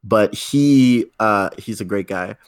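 A man's voice: lowish voice, slow, clean tone, dry recording, studio quality. A man in his twenties chatting casually about a film on a remote call, rambling through long tangents with restarts. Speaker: podcast co-host.

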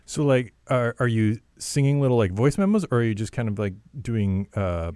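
A man's voice: mid-range voice, animated, normal speed, dark tone, clean tone, no echo, clean studio sound. A male radio interviewer who asks loose, rambling questions full of "like" and restarts. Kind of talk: casual interview.

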